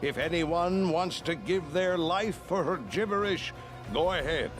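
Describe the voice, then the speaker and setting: A man voicing a mutinous male barbarian warrior in a video game, speaking with slow scorn. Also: high voice. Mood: scornful. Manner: slow, scornful, swooping delivery. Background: faint game music.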